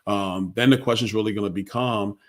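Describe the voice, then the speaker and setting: A man's voice: lowish voice, steady tone, a little fast. A man who is a congressman, answering a host's questions in a blunt, conversational and emphatic way. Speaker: congressman guest. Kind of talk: interview answers.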